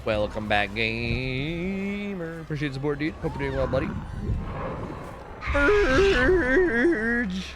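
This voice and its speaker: A man's voice: mid-range voice, expressive, normal speed, hardly any pauses, music in the background. A young man streaming a game, chatting casually and swearing a lot as he reacts and answers his chat. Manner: chatty, swearing, lots of "like" and restarts. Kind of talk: casual gameplay commentary.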